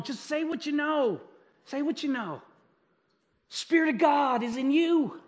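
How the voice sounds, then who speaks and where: His voice sits high as this middle-aged male pastor gives a sermon from the church stage. He chats through stories of his own mistakes, laughing at himself and often speaking directly to the congregation.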